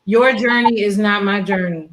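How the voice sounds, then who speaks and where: A woman talking frankly in a panel discussion as a breast cancer survivor, animated and acting out the voices of people she quotes. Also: mid-range voice, moderate pace, low-quality recording.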